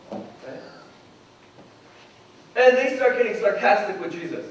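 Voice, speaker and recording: A male pastor preaching to his congregation, voicing the people in the story as he tells it. His voice sits high, and he is picked up from a distance. The church hall gives a heavy echo with a faint hiss behind him. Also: lively intonation, normal speed, pauses often. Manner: storytelling, acting out voices in quotes. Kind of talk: sermon. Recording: echoey hall from far off, faint noise.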